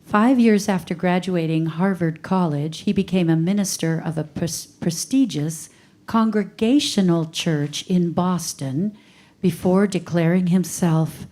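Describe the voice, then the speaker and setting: Woman reader at a worship service, unhurried, warm low voice. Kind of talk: reading an introduction in a worship service.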